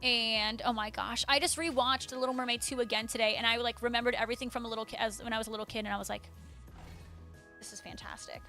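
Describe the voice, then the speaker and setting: A young woman with a high voice talks in a bubbly, chatty way on a live stream, answering her viewers as she goes. Faint music plays behind her. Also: flat delivery, racing, few pauses, pushed and bright. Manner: bubbly, chatty, reads chat aloud. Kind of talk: casual live-stream chat.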